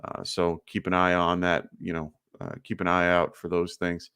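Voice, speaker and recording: A low male voice with a completely flat delivery moves at a moderate pace with hardly any pauses, its tone fairly bright and clean. It's studio quality with no echo. The speaker, a fantasy football stream host with a slight lisp, chats loosely through a live Q&A, leaning on fillers and sounding underslept.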